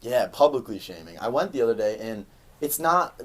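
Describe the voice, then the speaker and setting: Lively young man telling a story. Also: mid-range voice, normal speed. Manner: animated, laughs often. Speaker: podcast co-host. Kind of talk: casual chat, storytelling.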